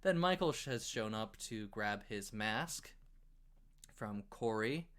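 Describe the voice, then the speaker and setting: A man co-hosting a casual movie review podcast, recapping the plot in an animated way with swearing and acted-out quotes. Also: fairly low pitch, slow. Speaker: podcast co-host.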